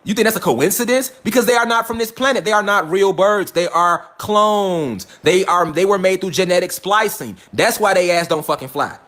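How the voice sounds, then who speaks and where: A middle-aged man with a high, slightly bright voice preaches straight at his listeners in a profane, emphatic conspiracy lecture, speaking at a normal speed with few pauses. He's an online lecturer delivering a fringe conspiracy monologue, recorded in an echoey room.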